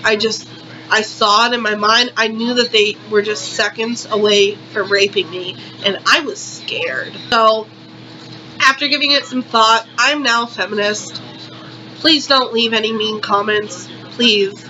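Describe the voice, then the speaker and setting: A woman's voice: fairly high pitch, measured pace, highs cut off, background noise. A young woman vlogger performing a satirical monologue in exaggerated, repetitive, melodramatic outrage.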